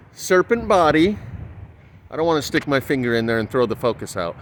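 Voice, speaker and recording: A vlogger with a fairly high, very animated and fairly bright voice walks around a stone building outdoors, talking fairly quickly and casually to his own camera. He's chatty, pointing things out and counting aloud, captured on a handheld camera with faint street noise.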